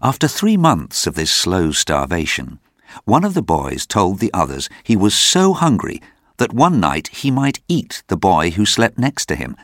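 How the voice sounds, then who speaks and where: Low male narrator, animated storybook reading, dry booth sound. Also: measured pace, no echo. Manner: lively, expressive storytelling. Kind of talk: reading a graded story aloud.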